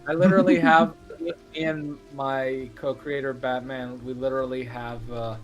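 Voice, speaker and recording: A man's voice: medium pitch, steady tone, moderate pace, soft background music. A man playing a tabletop game, chatting casually in a rambling way with restarts and frequent laughs. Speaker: player.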